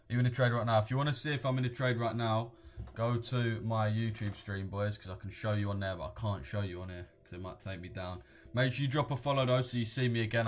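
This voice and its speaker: A young man, live-streaming forex trades and chatting casually with viewers, full of slang, calling them boys and mate. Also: lowish voice. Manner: slangy, laddish, addresses chat as boys and mate.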